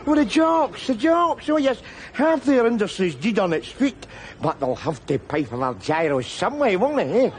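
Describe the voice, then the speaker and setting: A ranting Scottish loudmouth. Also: male voice, sits high, big pitch swings, moderate pace, few pauses. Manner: ranting, belligerent, mocking. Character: loudmouthed boozy middle-aged Scottish street philosopher. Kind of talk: sitcom acting. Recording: outdoor crowd and noise.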